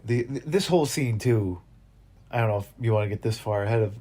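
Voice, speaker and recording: A man's voice: on the low side, a little fast, mellow. A man co-hosting a podcast, chatting in a laid-back way and often using "like" and "yeah". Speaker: podcast co-host. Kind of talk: casual episode recap chat.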